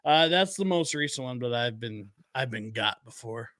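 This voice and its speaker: A chatty male podcast co-host who laughs easily while telling stories. The recording is close and dry, with no room echo, and his voice sits at a medium pitch. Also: expressive, moderate pace, a bit bright. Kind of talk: casual podcast chat.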